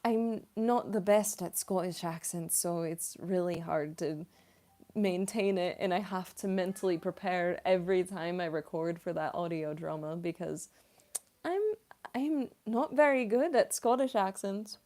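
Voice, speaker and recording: A woman's voice: on the low side, measured pace, dark tone. A young adult woman, a voice actress, chatting casually on a live-stream Q&A, giggly and full of "like" fillers.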